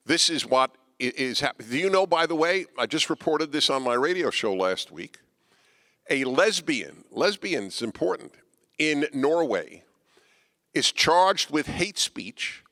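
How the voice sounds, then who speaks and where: Speaking as a guest before a live auditorium audience, a man argues his points hard, combative yet wry, his pitch and volume swinging sharply. His bright, forceful voice leaves long hall reverb trailing after every phrase.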